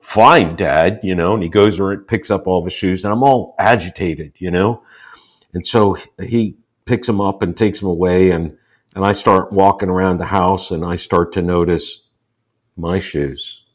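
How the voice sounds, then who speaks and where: Older man, very low voice, earnest storyteller explaining ideas. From United States. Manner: earnest, explanatory, repeats points for emphasis. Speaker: podcast guest. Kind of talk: conversational storytelling.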